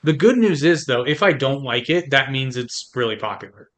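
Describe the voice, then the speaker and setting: Male podcast co-host, relaxed joking chat, middle pitch. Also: normal speed. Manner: easygoing, joking, recommends shows. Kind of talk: casual chat.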